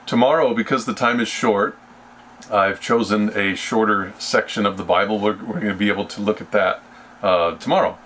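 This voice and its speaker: Man, lowish voice, Bible study teacher, slow deliberate delivery, faint noise behind. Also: fairly even intonation, fairly bright tone. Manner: slow and deliberate, with frequent restarts.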